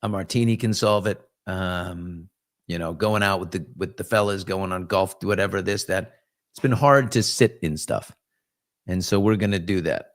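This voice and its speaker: A man's voice: sits low, moderate pace. A man in his fifties from New York, hosting a casual live chat and answering viewers, rambling and self-reflective with joking asides. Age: 50s. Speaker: host.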